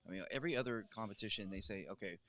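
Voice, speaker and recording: A man's voice: fairly low pitch, racing, a bit bright. A man, a grappling commentator, explaining earnestly in casual post-show chat.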